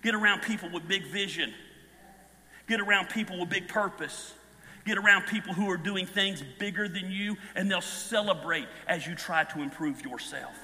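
A man in his fifties preaching a sermon, telling stories with animated energy and bursts of shouting. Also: sits high, normal speed. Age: 50s. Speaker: pastor. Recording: long hall reverb.

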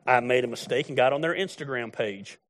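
A man's voice: medium pitch, fairly quick, fairly bright tone, slight background noise. A middle-aged man preaching a sermon in a blunt, folksy, storytelling way. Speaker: pastor.

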